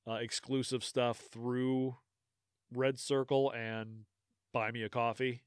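A man hosting a casual podcast, talking through show plans in a loose, rambling way. His voice is smooth and clear, recorded dry and close with no room sound. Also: medium pitch, level tone, slow, no echo. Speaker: podcast host. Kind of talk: casual chat.

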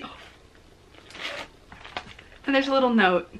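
A young woman crochet vlogger chatting casually while unboxing, gushing and excitable with gasps and giggles. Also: mid-range voice, measured pace, a little hiss or hum.

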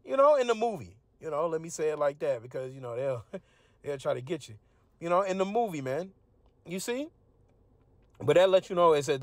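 A man reading scripture verses slowly, then explaining them in loose, casual street slang. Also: a little high, sing-song, dry recording. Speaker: religious teacher. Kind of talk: informal scripture teaching.

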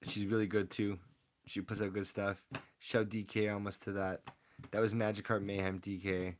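Excitable young man live-streaming. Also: on the low side, normal speed, a little hiss or hum. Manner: excitable, rambling, hypes up the audience. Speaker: streamer opening trading card packs. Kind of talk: casual live-stream chat with viewer shout-outs.

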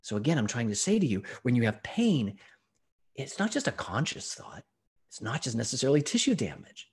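A man, a naturopathic physician, giving an online health presentation with expressive storytelling. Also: mid-range voice, brisk, breathy edge. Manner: lively, expressive storytelling with acted-out exclamations.

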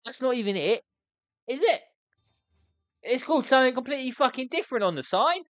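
Woman gamer, let's play commentary; stressed, swearing, exasperated rants with a swooping, lively voice, dry close sound. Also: fairly high pitch, fairly quick, no echo, soft background music. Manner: exasperated, swearing, ranting at the game; stressed and flustered. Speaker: gamer playing a restaurant sim.

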